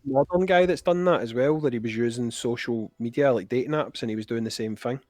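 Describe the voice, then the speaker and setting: A Scottish man chatting as a podcast guest over a call, talkative and quick to laugh. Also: mid-range voice, darkish tone, no echo. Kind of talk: casual chat.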